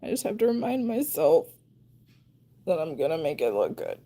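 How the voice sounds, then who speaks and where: A woman's voice: sits low, big pitch swings, normal speed, mellow. A woman chatting casually on a live stream while painting her nails, talking to herself in a self-deprecating way as she concentrates. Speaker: nail art streamer.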